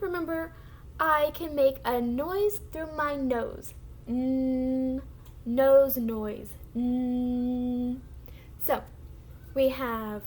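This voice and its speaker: In this recorded phonics lesson, a female teacher with a high voice carefully and slowly sounds out words for little kids to echo back.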